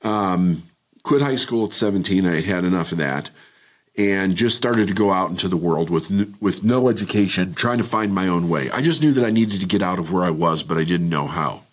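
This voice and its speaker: Middle-aged male guest, very low husky voice, candid storyteller. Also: fairly quick. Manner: candid, reflective storytelling with frequent restarts. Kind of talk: personal story in interview.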